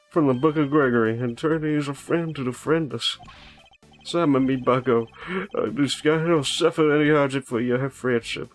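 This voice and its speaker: A man's voice: mid-range voice, normal speed, close to an everyday voice. A jovial, drawling older man, as a man puts him on, full of folksy cheer. Faint game music runs behind.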